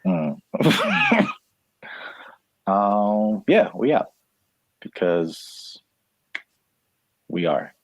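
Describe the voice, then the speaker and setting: A man hosting a podcast with a low voice that swings widely as he talks. He keeps it loose and jokey and drops in lots of ums and uhs. The sound is dry and close. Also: huge pitch swings, very slow, pauses often, dry recording. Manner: loose and joking, with many fillers. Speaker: podcast co-host. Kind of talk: casual chat.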